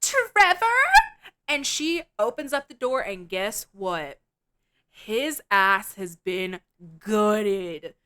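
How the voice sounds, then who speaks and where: Woman podcast co-host, bright and clear, blunt and profane, animated scene recaps. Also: medium pitch, very slow. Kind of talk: casual film review chat.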